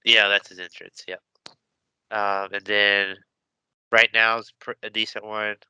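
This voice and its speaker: Low, bright, crisp-voiced rambling man. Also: flat delivery, unhurried, dry recording, low-quality recording. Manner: rambling, hesitant, trails off. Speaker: podcast co-host. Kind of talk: casual chat.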